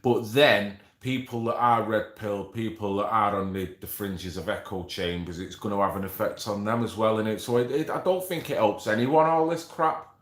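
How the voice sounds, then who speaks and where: A man's voice: on the low side, normal speed, a bit bright, reverberant. A man hosting a casual livestream, bantering with viewers, swearing and reading out names from the chat. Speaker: livestream host.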